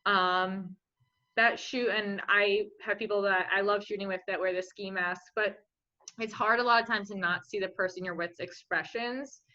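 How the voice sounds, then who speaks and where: Young female guest, bright chatty delivery, muffled remote audio. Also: mid-range voice, fairly even intonation, normal speed. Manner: chatty, filler-heavy with frequent likes. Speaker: interview guest. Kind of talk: casual interview chat. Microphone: remote home mic.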